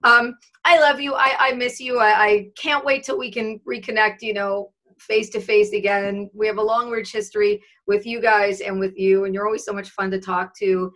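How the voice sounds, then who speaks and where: A woman's voice: medium pitch, flat delivery, moderate pace, a bit bright. A woman radio host gushing affectionately in a casual interview over a video call.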